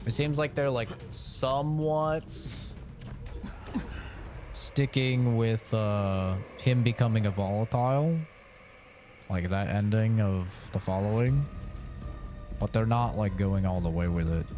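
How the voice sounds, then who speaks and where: A man's voice: lowish voice, slow, long pauses, darkish tone, faint music behind. A man streaming a game, chatting casually with his viewers and reacting loosely as he plays. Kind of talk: casual live-stream chat while gaming.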